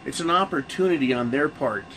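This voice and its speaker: A man's voice: medium pitch, fairly quick, a bit bright, a little hiss or hum, poor audio. A man hosting his own channel, talking casually to camera in a rambling, profane rant full of restarts. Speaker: channel host.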